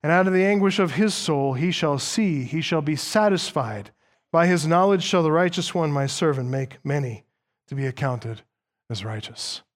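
A man with a somewhat high voice preaches a sermon as pastor, with emphatic delivery. He moves through scripture point by point, explains each passage, and slows down to stress the important words.

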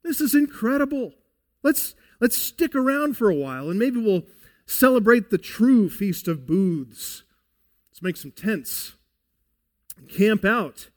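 A man playing an eager, excited disciple, exclaiming with enthusiasm as he urges the others to stay. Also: high-pitched, slow, voice pushed up, heavily acted. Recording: long hall reverb.

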